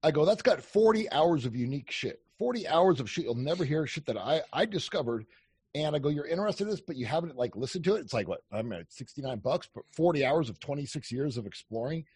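A man chatting casually as a podcast guest, telling animated stories, acting out quoted lines and swearing freely. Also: fairly high pitch, quick pace, slightly rough, dry recording. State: on day four of a fast. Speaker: podcast guest, dating coach. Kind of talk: casual chat.

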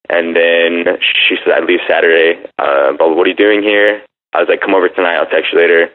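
A man's voice: sits low, steady tone, brisk. A man in casual chat, telling a brash dating story and acting out text messages. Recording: phone-like narrow sound.

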